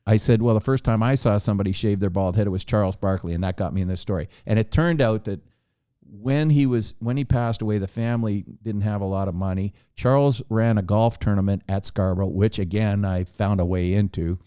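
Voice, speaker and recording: Male storyteller, low mellow voice, dry close sound, animated when quoting others. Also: fairly quick, clean tone, dry recording. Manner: animated storyteller acting out dialogue. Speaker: podcast guest storyteller. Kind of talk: casual anecdote telling.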